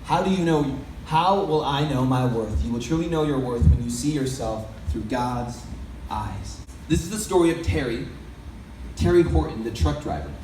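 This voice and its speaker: A man's voice: medium pitch, animated, moderate pace. A man giving a sermon-like storytelling talk to an audience, loose and conversational, often asking the crowd questions. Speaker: speaker addressing an audience. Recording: echoey hall, mic far off, faint background noise.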